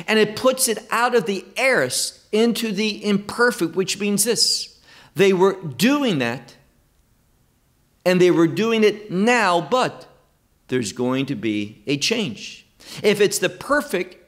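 A man teaching a Bible study sermon in an emphatic, deliberate, preacherly way. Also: a little high, a bit bright.

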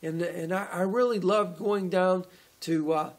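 A man voicing a bragging, gravelly talking horse. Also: sits high, steady tone, a little slow. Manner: chatty bragging. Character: boastful well-traveled talking male horse.

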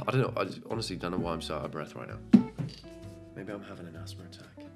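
A man doing comedic reaction commentary, sarcastic and jokey, swinging between loud outbursts and muttered asides. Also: sits low, fast, over music.

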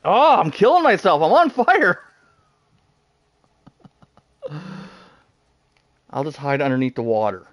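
A man giving live commentary while he plays a game, excitable, talking to himself and laughing often. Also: on the high side, slow pace, long pauses, dry recording. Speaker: gaming streamer.

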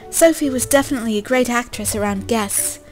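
A woman's voice: on the high side, a little fast, a little mellow, soft background music, rough recording. A young woman reading a story game aloud in a casual way, breaking off with swearing, jokes and coughs.

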